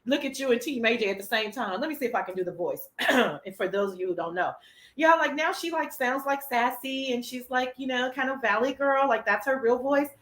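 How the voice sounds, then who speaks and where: A woman's voice: on the high side, brisk, echoey room. Sassy, profane woman hosting a chat show. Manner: sassy, profane, animated, chatty. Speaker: talk show host. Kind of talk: casual livestream chat.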